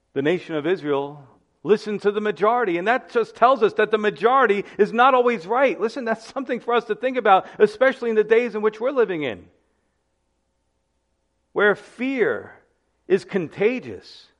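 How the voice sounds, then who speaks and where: A man's voice: high-pitched, lively intonation, moderate pace, fairly bright tone. A man preaching a sermon as pastor, emphatic and repeating key phrases, calling his listeners guys.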